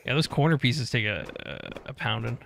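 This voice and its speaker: A man's voice: mid-range voice, a little fast, gravelly, very noisy. A man streaming a co-op survival game, joking crudely with his partner and reading viewer chat aloud. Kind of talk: casual co-op gameplay chat.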